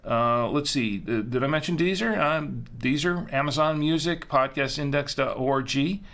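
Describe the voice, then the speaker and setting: A man's voice: mid-range voice, normal speed, a bit bright. A man hosting a live-streamed show, chatting casually in a rambling way and correcting himself as he goes. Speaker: host.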